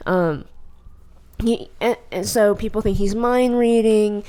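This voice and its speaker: A woman co-hosting a podcast in casual chat, blunt and opinionated, telling stories in an animated way. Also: mid-range voice, slow. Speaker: podcast co-host.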